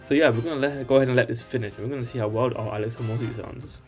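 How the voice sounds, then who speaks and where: A man's voice: medium pitch, fairly even intonation, very fast, soft background music. Male tutorial host, casual and rambling, checks in with "alright?" constantly. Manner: rambling, tags lines with "alright?". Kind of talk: casual screen-share tutorial.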